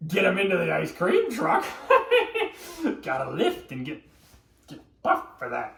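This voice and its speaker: A man's voice: fairly high pitch, wildly swooping pitch, normal speed, creaky, fairly bright tone, recorded from a distance. A man hosting a live cooking stream, chatting and joking with viewers and laughing often. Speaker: livestream cooking host. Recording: echoey room, voice off-mic.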